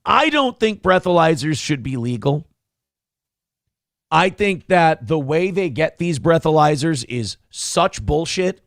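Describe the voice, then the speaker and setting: A man's voice: fairly high pitch, animated, a little slow, no room sound, studio quality. A man hosting a casual morning talk show, sarcastic and opinionated, swearing freely.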